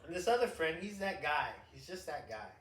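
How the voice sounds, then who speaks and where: A middle-aged man hosting a podcast, an animated storyteller who rambles, restarts and laughs often in casual chat. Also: fairly high pitch, a little fast. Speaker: podcast host. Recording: roomy echo, distant mic.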